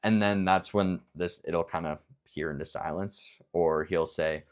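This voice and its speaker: Low-voiced young man coaching casually. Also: steady tone, a little slow, clear, resonant tone. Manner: rambling, filler-heavy, acts out both sides of sales calls. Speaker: business coach. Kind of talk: casual instructional talk.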